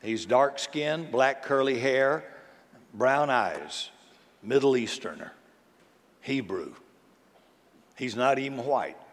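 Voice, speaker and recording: In a large church sanctuary with long reverb, a pastor preaches casually and conversationally, often posing rhetorical questions to his congregation. His medium-pitched voice is animated, slow, and marked by long pauses.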